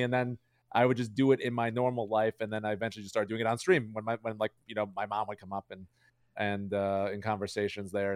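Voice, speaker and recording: A man's voice: mid-range voice, clear, resonant tone, no echo, clean studio sound. A man talking as a streamer guest in a casual interview, rambling with lots of "like" and "you know" fillers.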